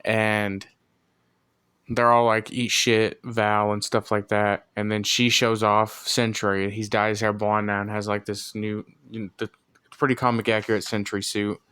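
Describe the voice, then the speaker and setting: A man with a low, fairly monotone voice casually recaps a film's plot, piling on fillers as he goes. His voice is smooth and clear. The sound is dry and close, with little room around it. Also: moderate pace, dry recording. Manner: rambling, filler-heavy retelling. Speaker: movie reviewer.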